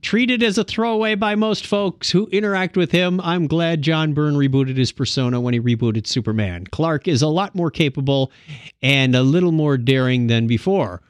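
A man's voice: on the high side, clean tone, no room sound. A man hosting a podcast in a studio, chatting casually and cracking jokes. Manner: jokey, animated, quick to laugh. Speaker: podcast host.

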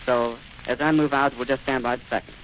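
A man's voice: mid-range voice, fairly even intonation, fairly quick. A man reporting live on radio from outdoors at an airfield. He describes the scene vividly and with emphasis, and often stammers and restarts his sentences. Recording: muffled 1930s radio recording with faint hiss.

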